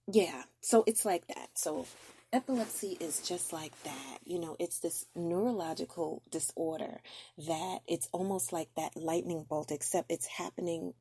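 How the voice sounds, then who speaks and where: Heartfelt woman host, gravelly and husky. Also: fairly low pitch, a little slow, mellow. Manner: earnest, heartfelt, with frequent ums. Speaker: podcast host. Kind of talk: personal storytelling talk.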